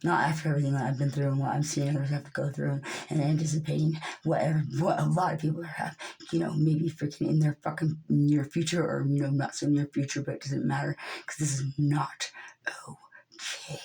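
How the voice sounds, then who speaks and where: A woman with a somewhat low-pitched voice delivers a profane, angry monologue to her camera. She drops into low muttering, then climbs into loud yelling, and she sounds upset throughout. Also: little pitch movement, fast talker, gravelly, low-quality recording. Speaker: vlogger.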